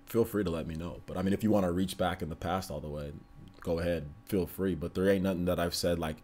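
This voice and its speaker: A young man hosting a livestream, talking calmly and flatly to his chat, with lots of fillers and repeated phrases. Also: fast talker. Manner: calm, monotone, low-energy delivery. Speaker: livestream host.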